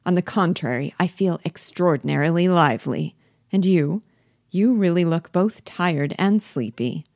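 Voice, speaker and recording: A woman reading the part of a fussy, patronizing husband in a low, dry voice, lecturing and pleased with himself. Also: expressive, normal speed, darkish tone, no echo. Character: self-satisfied husband, a man, fussy and patronizing. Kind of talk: reading a play aloud.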